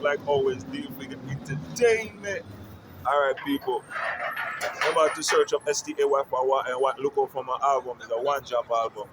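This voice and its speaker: A musician talking straight to camera on a city street, emphatic and repetitive, often checking that the listener understands. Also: male voice, sits high, noisy background. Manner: emphatic, repetitive, keeps asking "you understand?". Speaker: musician promoting his music. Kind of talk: street-side vlog rant.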